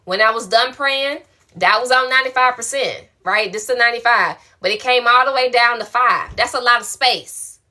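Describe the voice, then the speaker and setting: Bright-voiced woman, casual spiritual coach. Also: fairly high pitch, moderate pace. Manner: affectionate, colloquial, encouraging. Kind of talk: live-stream answering viewer questions.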